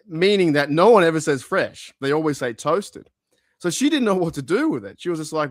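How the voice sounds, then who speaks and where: A man's voice: on the high side, moderate pace, no echo, clean studio sound. Australian man swapping stories. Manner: swearing, anecdotal, lively storytelling. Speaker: podcast guest. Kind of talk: casual chat.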